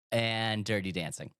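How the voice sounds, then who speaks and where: A man's voice: fairly low pitch, sharp tone, clean tone, dry recording, clean studio sound. A man co-hosting a podcast in casual chat, playful and teasing as he announces his picks. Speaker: podcast co-host.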